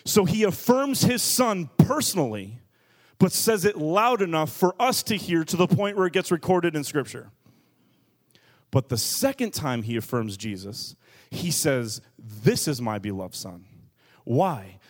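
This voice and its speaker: Animated, joking preacher man. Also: a little high, unhurried. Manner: lively, joking and emphatic, stressing key words. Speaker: pastor. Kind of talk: sermon.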